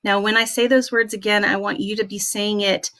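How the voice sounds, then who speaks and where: A young woman leading a class, talking earnestly and gently with many soft hesitations. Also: medium pitch, level tone, brisk. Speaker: essential oils class leader. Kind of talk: heartfelt motivational class talk.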